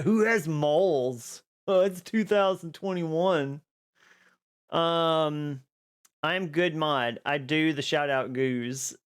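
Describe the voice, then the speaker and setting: Bubbly streamer with a swooping voice. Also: medium pitch. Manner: bubbly, greets chat by name, laughs often. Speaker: live streamer. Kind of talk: casual live-stream chat with viewers. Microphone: boom mic.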